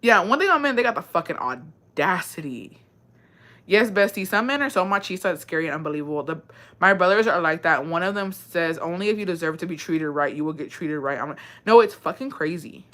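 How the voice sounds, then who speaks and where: A woman's voice: lowish voice, animated, a little fast, a bit bright. A woman chatting casually and bluntly, swearing freely and dropping Spanish phrases into her talk. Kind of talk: casual chat.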